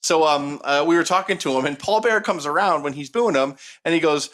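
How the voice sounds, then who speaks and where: A man's voice: a little high, fairly quick, hardly any pauses, a bit bright. A man co-hosting a podcast and telling a casual, profane, joking story. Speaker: podcast co-host.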